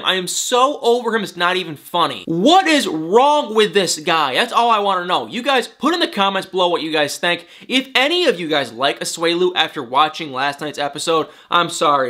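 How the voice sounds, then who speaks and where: A man's voice: high voice, sharp tone. A man recapping a reality show episode for his viewers, fed up and emphatic as he rants about a cast member. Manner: exasperated, emphatic, talks straight to viewers. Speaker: celebrity gossip vlogger.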